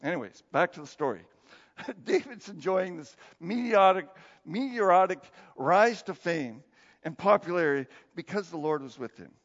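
A man's voice: sits high, lively intonation, normal speed, fairly bright tone. A man preaching a conversational sermon as pastor, laughing often and acting out the people he quotes. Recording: dull sound with long hall reverb.

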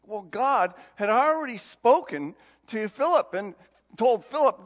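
A male pastor preaching a sermon, telling Bible stories in an animated, conversational way. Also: high voice, normal speed. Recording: dull recording in a long-reverb hall.

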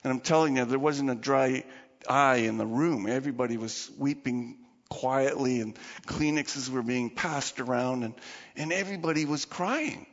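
A man, a pastor, preaching a sermon with animated storytelling and acted-out voices. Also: medium pitch, moderate pace, long reverb tail, muffled recording. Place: church.

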